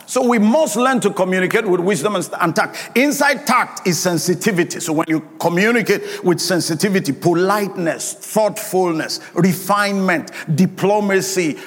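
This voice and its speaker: A man's voice: high-pitched, normal speed, hardly any pauses. A man preaching a sermon with emphatic, call-and-response delivery, drawing out key words. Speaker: pastor. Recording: long hall reverb.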